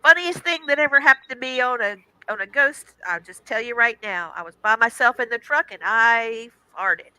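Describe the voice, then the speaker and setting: A woman hosting a podcast in casual chat, telling stories in an animated way and laughing often. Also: on the high side, moderate pace, few pauses, smooth, no room sound, rough recording. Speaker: podcast host.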